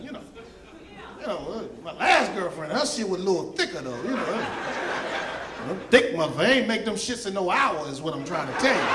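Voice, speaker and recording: A man doing a loud, rowdy stand-up comedy set, shouting his punchlines on a comedy club stage. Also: high voice. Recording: roomy club with audience noise. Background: audience laughter and crowd noise.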